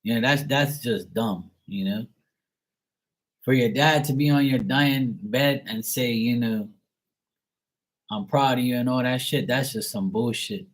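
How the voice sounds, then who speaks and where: A man hosting a live tarot reading who talks in a loose, casual chat and vents bluntly. He swears freely and circles back to the same complaints. His pitch sits in an ordinary middle range. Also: unhurried. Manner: blunt, profane, venting. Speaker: online tarot reader and host.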